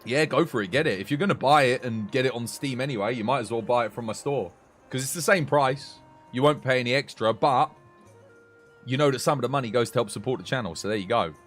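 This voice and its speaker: A man's voice: medium pitch, quick pace, fairly bright tone, faint music behind. A British man chatting casually with his live-stream viewers, rambling and answering chat. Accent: British English. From United Kingdom.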